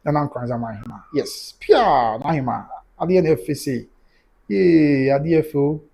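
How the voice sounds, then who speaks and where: A Ghanaian man hosting a casual livestream news commentary, animated and exclamatory, mixing Twi with English. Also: on the high side, moderate pace, gravelly, slightly rough.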